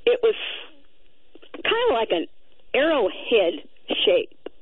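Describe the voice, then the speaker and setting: A woman calling in to a radio show, telling a story with excited, lively delivery. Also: on the high side, slow, husky, dry recording. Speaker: caller. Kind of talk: call-in radio chat. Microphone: telephone. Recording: tinny phone line.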